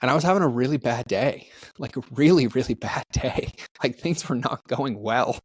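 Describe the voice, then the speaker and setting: A man's voice: mid-range voice, moderate pace, breathy edge, dry recording. A man speaking as a podcast guest, telling candid, heartfelt stories in a casual way. He acts out the people in his stories and often says "like". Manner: peppers speech with "like". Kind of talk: candid conversational storytelling.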